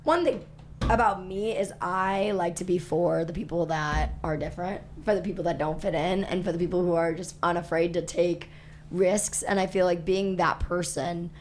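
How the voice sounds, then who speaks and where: A woman's voice: fairly low pitch, fairly even intonation, normal speed, darkish tone, slight background noise. A woman, a podcast guest, talking in an earnest, rambling way. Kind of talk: casual podcast talk.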